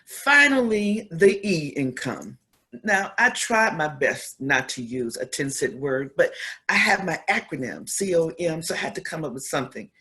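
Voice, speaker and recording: A woman's voice: sits low, very animated, moderate pace, sharp tone. Earnest woman giving an advocacy speech. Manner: earnest, repeats phrases for emphasis. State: emotional. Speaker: community speaker.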